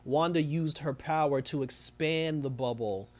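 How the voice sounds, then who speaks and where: A man hosting a casual TV episode recap, talking in an animated, chatty way with lots of fillers. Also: fairly high pitch, unhurried. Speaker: TV review host.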